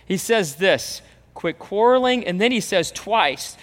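A man's voice: high voice, animated, measured pace, a bit bright. A man preaching a sermon as pastor, emphatic, repeating phrases and acting out the voices he quotes. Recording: reverberant hall, long echo.

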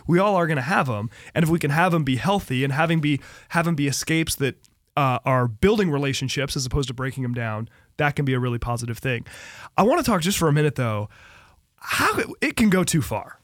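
A man hosting a casual podcast chat, steady in tone and quick with short agreeing replies. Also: fairly high pitch, no room sound, clean studio sound. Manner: steady, backchannels often with short yeps.

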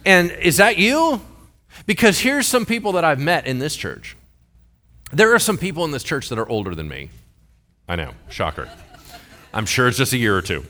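A man's voice: medium pitch, pushed and bright. A pastor in his forties preaching a sermon in a church, talking in a joking, conversational way and throwing questions to the congregation. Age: 40s.

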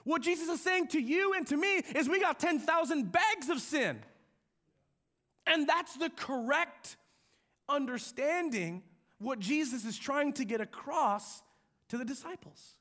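High-voiced animated male pastor. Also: a little slow. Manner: animated, conversational preaching with acted-out quotes. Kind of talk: sermon. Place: church sanctuary with a balcony.

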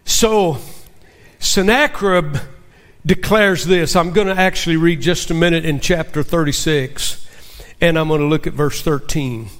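A man's voice: fairly high pitch, a little slow, fairly bright tone. A male pastor preaching a sermon with emphasis and asking the congregation rhetorical questions.

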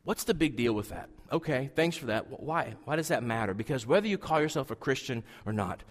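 A man preaching a sermon to a congregation, swinging from loud emphasis down to hushed, near-whispered lines. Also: mid-range voice, animated, fairly quick. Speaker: pastor. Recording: long hall reverb.

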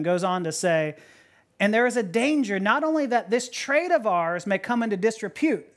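A woman pastor preaching a sermon in an animated way. She laughs often, repeats words as she goes, and asks many rhetorical questions. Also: mid-range voice.

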